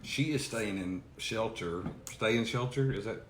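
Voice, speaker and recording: A man's voice: on the low side, unhurried. A man, co-hosting a casual live chat with dry, wisecracking remarks. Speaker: co-host. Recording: echoey room with faint noise.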